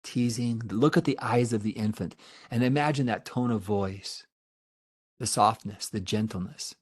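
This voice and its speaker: A man's voice: medium pitch, normal speed, a little mellow. A middle-aged man, a therapist, giving an earnest webinar presentation with emphatic repetition and answering audience questions.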